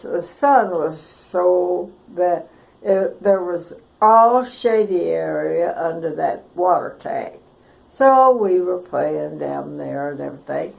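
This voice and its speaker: A woman's voice: lowish voice, creaky, darkish tone, low-quality recording. A woman, telling a childhood story for an oral history recording in a folksy, chuckling way. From Texas.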